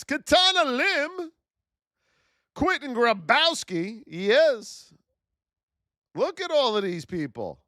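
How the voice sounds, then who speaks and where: A man in his thirties runs a live trading stream, his voice riding very high and leaping all over the place as he hypes up the chat. He shouts out viewers by name, and the sound is close and completely dry. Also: huge pitch swings, takes it slowly, pauses often, no echo. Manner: hyped-up, shouts out viewers' names; calls viewers "my beauties". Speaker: trading educator and livestream host.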